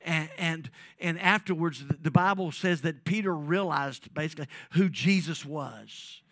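A man preaching a sermon, calling on the congregation and swinging between loud emphasis and soft, drawn-out phrases. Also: fairly high pitch, dry recording. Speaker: pastor.

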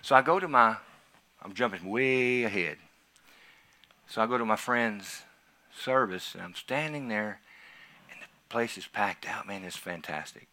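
A man who is a pastor, telling a personal testimony in a sermon, swinging from quiet asides to loud, excited emphasis. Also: fairly low pitch, measured pace, long pauses.

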